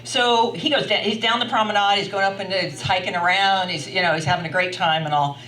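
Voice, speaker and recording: An older woman spins a funny tale for a live crowd, lively and chatty, breaking into laughter now and then. Her voice sits in the middle of a woman's range. The room rings around her, and she is picked up from a fair way off the mic. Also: mid-range voice, brisk. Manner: animated, chatty, laughing often. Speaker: storyteller. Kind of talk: live storytelling to an audience. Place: wine bar, live event. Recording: roomy sound from a distant mic.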